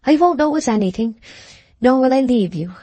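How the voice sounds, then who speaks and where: A woman's voice: medium pitch, animated, moderate pace, darkish tone, no room sound, lightly acted. A woman voicing a small, tearful young maid in an audiobook, speaking emphatically in old rustic phrasing. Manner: emphatic, dramatic rustic speech.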